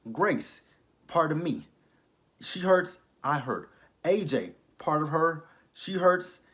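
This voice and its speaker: A man's voice: fairly high pitch, sing-song, takes it slowly, fairly bright tone, voice pushed up, full character voice. A man voicing a stern older church matriarch who scolds her daughter. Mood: lecturing. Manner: scolding, lecturing.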